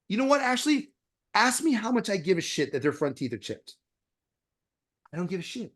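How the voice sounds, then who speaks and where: A man's voice: high-pitched, normal speed, pauses often. A middle-aged man from Florida, a dentist talking bluntly in an interview, swearing freely and acting out conversations with patients. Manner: blunt, profane, animated, acts out quoted exchanges. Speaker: dentist and guest.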